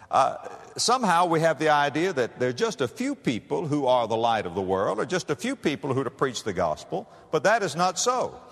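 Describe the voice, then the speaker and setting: An older male pastor preaching a sermon in a church, with dramatic, drawn-out emphasis. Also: medium pitch. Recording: long hall reverb.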